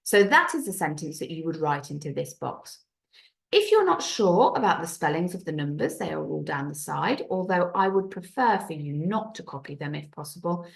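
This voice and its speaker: Low gravelly woman teaching a class. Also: animated, normal speed. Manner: clear, patient teacher talk with careful French pronunciation. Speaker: primary school French teacher. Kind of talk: recorded classroom video lesson.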